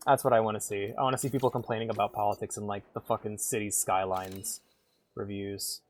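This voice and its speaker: A man's voice: lowish voice, flat delivery, brisk. Rambling, irreverent male streamer. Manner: rambling, irreverent, swears freely. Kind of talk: casual gameplay chat.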